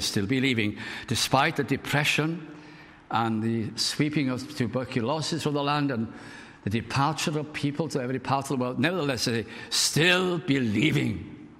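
A man's voice: medium pitch, fairly bright tone. Older man, from Wales, preacher, storytelling sermon, fervent emphasis, reverberant hall.

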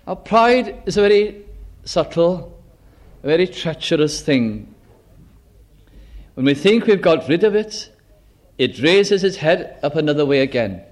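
High-voiced preacher with slow emphatic delivery. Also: male voice. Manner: dramatic, acts out boastful quoted voices, slow emphatic phrasing. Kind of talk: sermon.

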